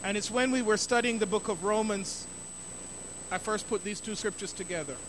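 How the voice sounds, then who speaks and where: Bright high-voiced male preacher. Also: moderate pace, a little hiss or hum. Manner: emphatic, repeats key phrases for stress. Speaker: pastor. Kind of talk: sermon.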